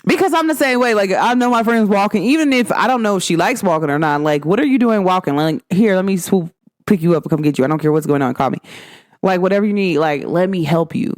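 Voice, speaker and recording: A woman from Cincinnati with a Cincinnati accent, hosting a casual spiritual talk show, chatty and full of slang, jumping up high in pitch when she quotes her friends. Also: fast talker, no room sound, clean studio sound. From Cincinnati, Ohio. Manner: animated, swings up in pitch when quoting friends; chatty, many "like" fillers and slang. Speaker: podcast host.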